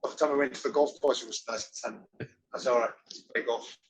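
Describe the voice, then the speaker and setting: Man, rambling interview guest, animated storyteller, average pitch. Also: fast, crowd noise, low-quality recording. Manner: rambling, animated, acts out quoted voices. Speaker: interview guest, former wrestler and actor.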